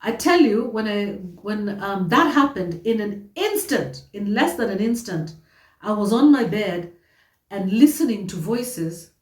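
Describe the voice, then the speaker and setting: Animated woman telling a story, roomy echo. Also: medium pitch, a little slow, recorded from a distance. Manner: animated, repetitive, emphatic storytelling. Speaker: vlogger. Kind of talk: personal storytelling to camera. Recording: roomy echo, voice set back from the mic.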